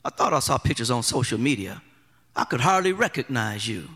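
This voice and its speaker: A man's voice: mid-range voice, big pitch swings, brisk, sharp tone, husky, long reverb tail, voice pushed down, exaggerated voice. A preacher playing a skeptical, prodding man. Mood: incredulous. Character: incredulous ordinary man questioning a friend.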